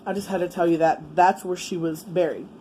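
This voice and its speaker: A middle-aged woman, chatting casually as a vlogger while eating, exclamatory and quick to laugh. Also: fairly low pitch, steady tone, mellow, a little hiss or hum. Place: home, with a fan running.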